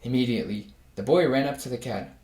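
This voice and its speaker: In an echoey room, a man with a mid-range, slightly mellow voice reads a children's storybook aloud at an easy, measured pace. He brings the animals to life with different voices.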